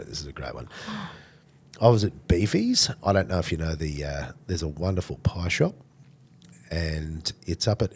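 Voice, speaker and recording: An Australian man hosting a podcast, telling stories in a blokey, joking and animated way. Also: sits low, slightly rough. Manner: animated storyteller, blokey and jokey. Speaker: podcast host. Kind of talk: casual podcast chat.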